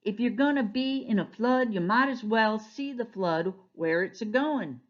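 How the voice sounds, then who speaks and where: A woman voicing a bossy, cheerful old countrywoman who scolds in a brisk, folksy way, in a storybook reading. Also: fairly high pitch, dull audio, close to an everyday voice.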